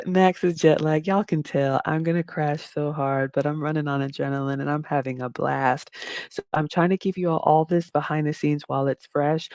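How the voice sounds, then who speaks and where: A middle-aged woman with a deep, raspy voice, chatting casually on a livestream and reading viewer comments aloud. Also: a little mellow, dry recording, studio quality. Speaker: livestream host reading chat.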